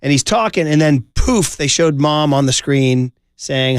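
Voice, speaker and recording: A man's voice: medium pitch, unhurried, clear, resonant tone, no room sound, clean studio sound. A man hosting a sports radio show, joking casually and quoting people in playful voices. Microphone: studio microphone.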